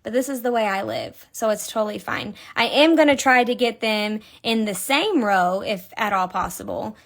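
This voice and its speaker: Giggling and spinning stories while she stitches, a woman with a Kentucky accent runs a relaxed crochet lesson on a live stream. She speaks on the high side, and her tone is fairly bright.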